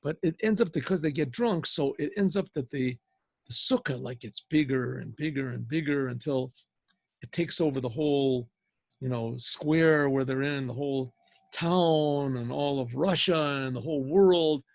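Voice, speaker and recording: Animated, husky rabbi telling a story. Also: male voice, medium pitch, moderate pace, no echo. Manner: animated, with many restarts and "you know". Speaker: rabbi and yeshiva teacher. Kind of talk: storytelling to students. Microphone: video call.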